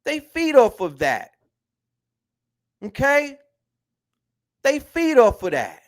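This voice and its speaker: High pitched dude preaching about the internet, repeats himself, lots of slang. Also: male voice, huge pitch swings, slow pace. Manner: emphatic, repetitive, slangy. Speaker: host. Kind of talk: animated lecture-style talk.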